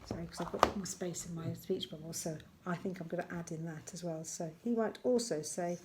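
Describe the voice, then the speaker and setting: A woman teaching a recorded lesson to young children, gentle and encouraging, slowing down to spell out words as she writes them. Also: on the low side, fairly even intonation, noisy background. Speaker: primary school teacher.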